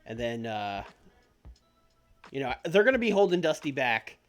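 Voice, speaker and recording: A man's voice: mid-range voice, sing-song, normal speed. A man streaming a game, talking casually and offhand, thinking aloud and swearing now and then. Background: faint background music.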